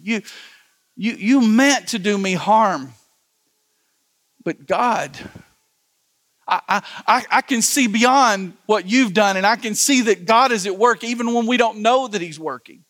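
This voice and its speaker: A man preaching a sermon, repeating refrains and then softly reading scripture and praying. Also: sits high, animated, measured pace. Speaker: pastor. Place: church campuses.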